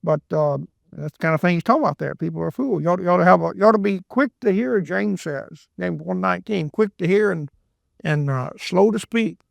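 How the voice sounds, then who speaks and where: A man's voice: sits high, vocal fry, no room sound. Man, folksy Bible teacher, rambling asides, dry close sound. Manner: chatty, rambling, repeats words, quick asides. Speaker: preacher.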